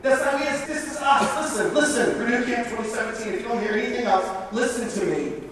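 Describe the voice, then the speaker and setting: A man's voice: extremely high pitch, fast, fairly bright tone. A man giving an earnest, conversational sermon to a youth camp, full of casual fillers. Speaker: camp speaker. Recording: echoey hall, heard from far off.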